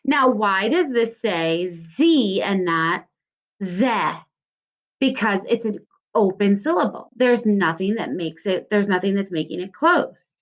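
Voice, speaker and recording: A woman teaching a recorded phonics lesson to second graders, sounding out words slowly and encouraging the children as she goes. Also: mid-range voice, lively intonation.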